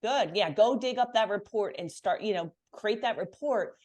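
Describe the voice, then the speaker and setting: A woman coaching business owners on pricing and sales, talking in a brisk, emphatic, confident way. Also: medium pitch, lively intonation, a little mellow. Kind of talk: coaching call.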